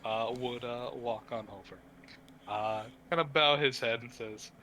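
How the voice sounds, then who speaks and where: A man casually narrates actions in a tabletop game, filling gaps with uhs and kinda. His voice is very bright and sharp at a mid pitch, over a faint hiss. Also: measured pace. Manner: casual, filler-heavy.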